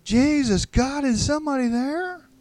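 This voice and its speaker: A man voicing a frightened, then sly male splicer who calls out loudly from a distance. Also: lowish voice, slow pace, smooth, dry recording. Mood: desperate pleading. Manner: shouting from a distance, pleading.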